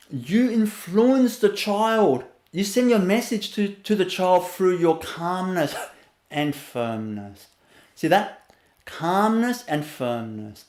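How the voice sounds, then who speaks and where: A man teaching in a spiritual webinar talk, his fairly high voice broken by frequent little laughs. He drops into a soft, hushed register when he shows what calm sounds like. The sound carries a noticeable room echo. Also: slow pace. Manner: laughs often between phrases, drops to a soft low voice to show calm.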